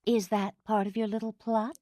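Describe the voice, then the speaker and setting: A woman's voice: on the high side, flat delivery, normal speed, mellow, no room sound, studio quality, pitched above the performer's own voice, close to an everyday voice. A woman voicing a proud, hurt divorced woman of thirty who keeps her temper tightly controlled.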